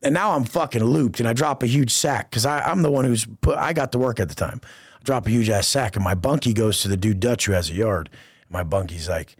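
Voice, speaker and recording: A man's voice: on the low side, quick pace, husky, dry recording, clean studio sound. A man as a podcast guest, telling stories in casual, profane street slang and acting out the people he quotes. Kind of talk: casual storytelling interview.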